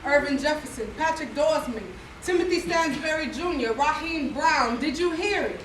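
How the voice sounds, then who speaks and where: Woman doing spoken word poetry, high voice, rhythmic refrains, echoey room from far off. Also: normal speed, a bit bright, slight background noise.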